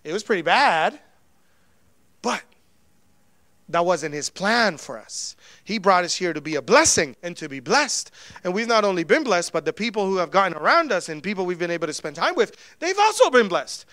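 A man preaching a sermon in a conversational way, with sudden swings between loud and soft. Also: high-pitched, sing-song, normal speed, dry recording. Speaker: pastor.

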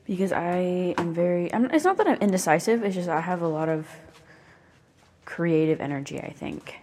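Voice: mid-range voice, animated, moderate pace, darkish tone, long reverb tail, slight background noise. A young speaker in their twenties with a Southern US accent, rambling casually and swearing often while moving around their bedroom. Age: 20s. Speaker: vlogger.

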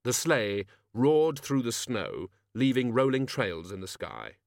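A man narrating an audiobook in a measured, dry storytelling manner. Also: medium pitch, sing-song, vocal fry, no echo. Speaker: audiobook reader.

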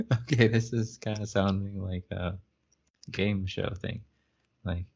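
A man's voice: deep voice, fairly even intonation, slow, long pauses, a little mellow. A man co-hosting a casual podcast, reading a book aloud and making wry, joking remarks about it. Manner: wry, laughs at the text. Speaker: podcast co-host. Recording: muffled lo-fi recording.

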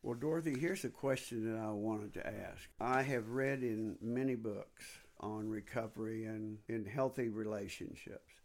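A man's voice: lowish voice, moderate pace, hardly any pauses. A man hosting a recovery podcast, attentively asking his guest questions and murmuring agreement. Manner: attentive, asks questions, frequent backchannels. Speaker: podcast host. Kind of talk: interviewing.

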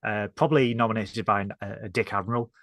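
A man's voice: lowish voice, steady tone, fast, fairly bright tone, no room sound. Chatty northern English man, dry close sound. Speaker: podcast co-host. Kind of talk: casual review chat.

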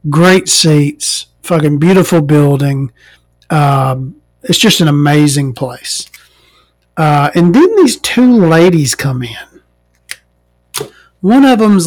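A woman's voice: sits low, dry recording. An American trans woman hosting a podcast, ranting casually and sarcastically with a lot of swearing. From United States, inland. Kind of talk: casual comedic rant monologue.

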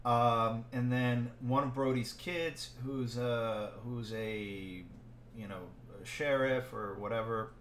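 A man's voice: medium pitch, takes it slowly. Rambling man in an echoey room. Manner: rambling, laughs often, animated when joking. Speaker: podcast co-host. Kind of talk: casual movie chat. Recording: echoey room with faint ambient noise.

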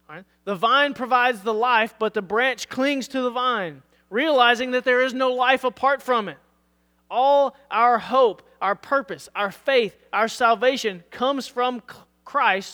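Pastor, male, hoarse, earnest sermon delivery, bright tone in a reverberant sanctuary. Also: very high-pitched. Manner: earnest preaching, reads scripture aloud, asks "All right?". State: losing his voice.

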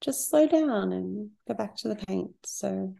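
Gravelly-voiced woman, open and reflective. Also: medium pitch, lively intonation, a little slow, mellow. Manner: open and reflective, light laughs, trailing phrases. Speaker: podcast guest, creative business owner. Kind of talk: casual interview chat.

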